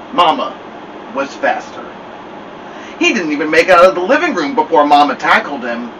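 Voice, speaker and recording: A man reading a children's novel aloud with expressive storytelling. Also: on the high side, far from the mic, a little hiss or hum, low-quality recording. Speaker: storybook reader.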